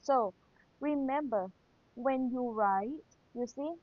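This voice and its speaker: A woman's voice: fairly high pitch, takes it slowly, no echo. A woman teacher with a Thai accent, patiently reviewing material for an exam and repeating key points. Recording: dull lo-fi sound.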